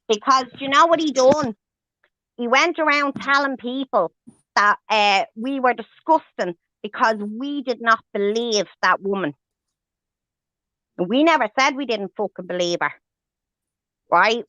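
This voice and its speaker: A woman's voice: on the high side, pushed and bright, no echo. A woman hosting a livestream, ranting angrily and swearing with heavy emphasis. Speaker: livestream host. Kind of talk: heated livestream rant. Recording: dull lo-fi stream audio.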